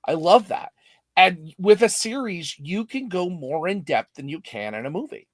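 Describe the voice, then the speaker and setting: A man who teaches school, joining a casual movie chat, enthusiastic and a bit halting. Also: high-pitched, animated, no echo. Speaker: teacher, guest.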